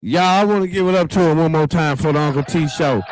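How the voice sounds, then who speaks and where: A man's voice: on the high side, fast talker, dry recording. Guy hosting a live talk show, laid back and chatty, keeps talking to the viewers, dry sound. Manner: chatty, folksy, keeps addressing viewers as y'all. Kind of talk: casual livestream show hosting.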